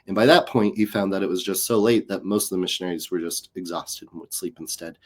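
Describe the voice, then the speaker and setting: Low-voiced man telling a lively story. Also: fast. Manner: animated, acts out quoted voices. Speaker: guest comedian. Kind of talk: casual storytelling chat.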